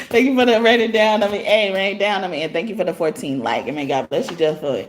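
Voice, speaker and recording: A woman's voice: medium pitch, fast talker. A woman, hosting a casual livestream reading. She talks in a brash, profane way, laughing often and breaking into song. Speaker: tarot reader on a livestream.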